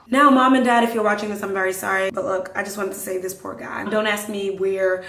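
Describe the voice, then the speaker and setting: A woman hosting a podcast, telling stories casually in an animated way, acting out the dialogue and dropping into hushed asides. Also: medium pitch, fast talker, few pauses. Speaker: podcast host. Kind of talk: casual storytelling. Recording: roomy echo.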